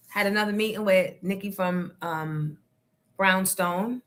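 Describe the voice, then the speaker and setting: Outspoken NJ woman, livestream host, bright and forceful delivery. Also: medium pitch, a little slow. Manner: outspoken, talks back to the chat. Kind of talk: casual livestream chat.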